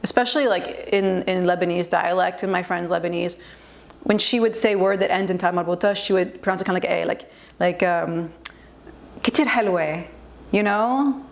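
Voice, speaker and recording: A young woman talks fast in a casual reaction commentary. Her voice sits low with a gravelly fry. She chats freely, corrects points and slips between English and Arabic. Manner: chatty, switches between English and Arabic, corrects the other speaker. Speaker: Arabic linguist reacting to a video.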